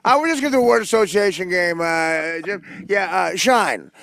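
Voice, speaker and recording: A man co-hosting a podcast, wry and sarcastic, telling jokes in a relaxed banter. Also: high voice, normal speed, creaky, no echo. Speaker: co-host.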